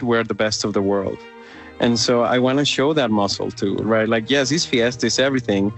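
Enthusiastic man with a Mexican accent. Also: medium pitch. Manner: enthusiastic, animated, lots of fillers. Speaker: opera company director. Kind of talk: interview answers.

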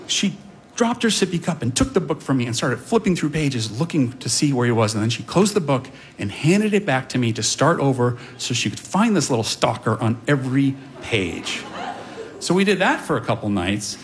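A man's voice: mid-range voice, big pitch swings, moderate pace. A middle-aged man telling a comic personal story on stage to a live audience, with wry, self-deprecating asides.

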